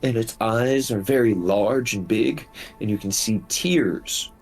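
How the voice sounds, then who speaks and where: Male game master, slow and husky delivery, measured. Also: on the low side, darkish tone, faint music behind. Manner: measured, descriptive. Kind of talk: narrating a tabletop game.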